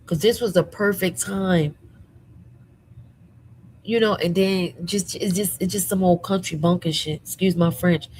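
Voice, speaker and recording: A woman hosting a casual commentary show from her room at home, sassy and animated with lots of slang, a little under the weather. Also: lowish voice, measured pace, a little hiss or hum, low-quality recording. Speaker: commentary channel host.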